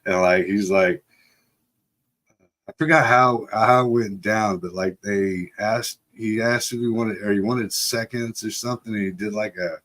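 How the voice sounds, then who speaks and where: A middle-aged man with a fairly low voice tells a rambling childhood tale to his live stream audience. He swears freely and keeps breaking into laughter as he talks. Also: steady tone, a little slow, a bit bright. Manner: profane, laughs often while telling. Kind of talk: casual storytelling. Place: home setup for a live stream.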